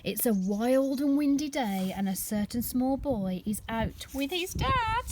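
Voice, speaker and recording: A woman nursery teacher reading a picture book aloud to young children, animated and expressive, pausing to ask them questions. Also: high voice, background noise.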